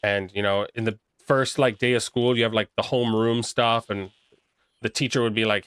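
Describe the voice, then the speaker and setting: A young livestreamer reads and reacts to chat, rambling casually and cracking crude jokes. His medium-pitched voice is steady, fairly bright, clear and resonant, at a moderate pace, in studio-quality audio with no room sound.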